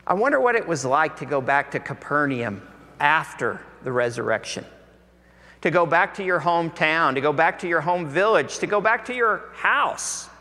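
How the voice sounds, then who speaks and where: Bright-voiced preacher in a big hall. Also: male voice, fairly high pitch, moderate pace. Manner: animated, acts out the voices of the people in the story. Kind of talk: sermon storytelling. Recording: long hall reverb.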